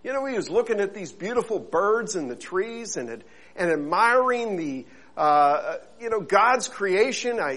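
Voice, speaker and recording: A male pastor preaching to his congregation in an earnest, conversational way, often pausing with fillers and restarting his phrases. His voice sits fairly high and sounds bright and forward. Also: rough recording. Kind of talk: sermon with opening prayer.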